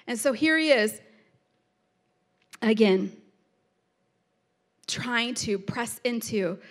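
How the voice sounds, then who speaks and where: A woman teaching a Bible passage in a chatty, animated way, reading verses aloud and explaining them with personal asides. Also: sits high. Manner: reads scripture aloud then explains it.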